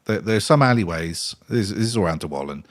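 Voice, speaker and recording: A man chatting as a podcast guest, telling stories and playing out every scene. His pitch swings widely, and he breaks into laughter often. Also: fast. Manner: animated storyteller, acts out scenes, laughs often. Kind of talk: casual podcast chat.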